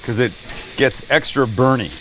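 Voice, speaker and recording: A man's voice: mid-range voice, normal speed, fairly bright tone, slight background noise. A man hosting a cooking show, demonstrating a recipe in an upbeat, joking way and swearing freely.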